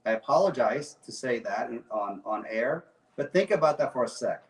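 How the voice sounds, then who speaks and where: A man's voice: mid-range voice, animated, normal speed, roomy sound, far from the mic, poor audio. A man speaking as a guest on a talk show, passionate and emphatic, often repeating his phrases. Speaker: guest activist. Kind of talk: impassioned talk show speech.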